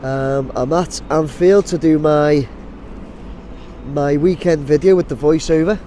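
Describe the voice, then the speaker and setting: Man with a stuffy cold, rambling outdoor vlog, fairly high voice, faint site noise behind. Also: steady tone, unhurried, warm tone. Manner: rambling, many ums and restarts. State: blocked nose from a cold. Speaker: drone vlogger. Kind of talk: casual outdoor vlog chat. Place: outdoors by a busy building site. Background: faint site and traffic noise, wind.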